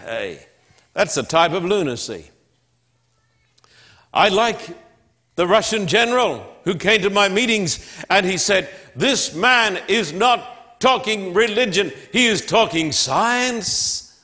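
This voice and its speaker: A man's voice: sits high, expressive, slow pace, pushed and bright. A man preaching a sermon in church, with an emphatic, repetitive cadence. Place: church sanctuary. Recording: long hall reverb.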